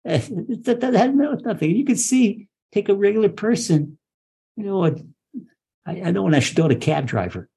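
A man teaching a religious lesson in an impassioned, animated way, often repeating and restarting his words. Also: high-pitched, moderate pace, creaky, slightly rough. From Israel. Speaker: rabbi teaching Torah.

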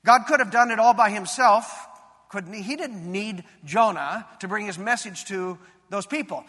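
A man's voice: high-pitched, moderate pace, fairly bright tone. A male pastor preaching a sermon, telling a personal story in an earnest, confessional way that builds to fervent emphasis, recorded in a church sanctuary. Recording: long reverb in a large hall.

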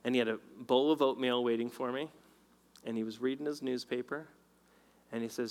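A man preaching a sermon and telling a personal story, swinging between loud and hushed delivery. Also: mid-range voice, steady tone, a little fast, long pauses. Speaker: pastor. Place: large hall with long reverb. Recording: reverberant hall recording.

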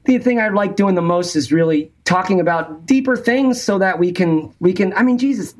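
Californian male guest, a bit high-pitched, rambly and profane. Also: expressive, normal speed. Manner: rambling, profane, laughing often. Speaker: podcast guest. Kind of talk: casual podcast chat.

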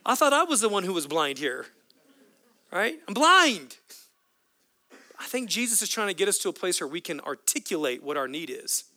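A man's voice: high-pitched, big pitch swings, normal speed, long pauses, bright, forceful tone, no echo. A man preaching a sermon as a pastor, with an impassioned, repetitive preaching cadence.

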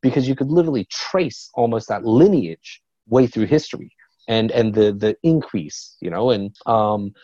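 A man who works as a business coach, talking as a podcast guest in a quick, energetic way and telling stories with a lot of animation. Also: lowish voice, no room sound, muffled recording. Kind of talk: podcast interview.

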